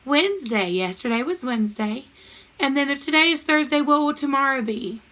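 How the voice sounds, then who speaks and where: A woman teaches a math lesson to young children over a computer mic. Her voice is bright and a little high. She speaks in a cheerful sing-song and breaks into short rhymes for the class. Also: lively intonation, brisk.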